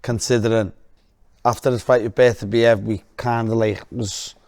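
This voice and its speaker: Halting man, mid pitch. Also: little pitch movement, a little mellow. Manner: halting, restarts his questions. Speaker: co-host. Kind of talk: casual interview chat.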